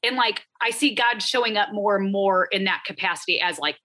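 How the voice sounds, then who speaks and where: Bright chatty woman, podcast guest. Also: medium pitch, brisk. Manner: chatty, frequent "like" fillers. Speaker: podcast guest, productivity coach. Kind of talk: casual podcast interview.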